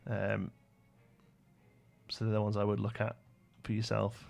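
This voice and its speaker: A man's voice: on the low side, completely flat delivery, measured pace, vocal fry, a little mellow, soft background music. A young British man livestreaming a building game, rambling to himself and answering chat questions in a casual way. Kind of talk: casual live-stream chat while building.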